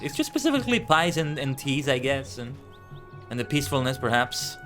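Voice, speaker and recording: A man's voice: mid-range voice, big pitch swings, a little fast. Chatty guy streamer rambling over a game, voice bouncing up and down, bit of music faint behind. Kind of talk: casual gameplay commentary.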